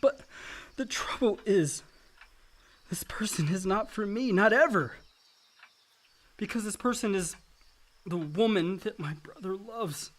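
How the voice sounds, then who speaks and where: A man's voice: sits high, expressive, a little slow, a little hiss or hum. An actor playing Chip, a grown son who is anguished and lonely, his voice raw and breaking in a radio drama. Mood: confessional.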